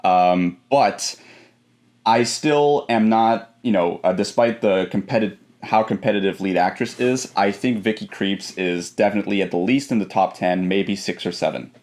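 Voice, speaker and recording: A man's voice: on the low side, moderate pace, darkish tone. A man, a guest film expert on a podcast, laying out his predictions step by step in casual discussion. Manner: analytical, lays out rankings step by step.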